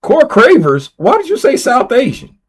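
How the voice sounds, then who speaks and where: High-voiced man hosting a casual livestream. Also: wildly swooping pitch, normal speed, breathy edge. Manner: reads viewer names aloud and repeats himself while typing; playful, teasing. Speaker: livestream host running a giveaway.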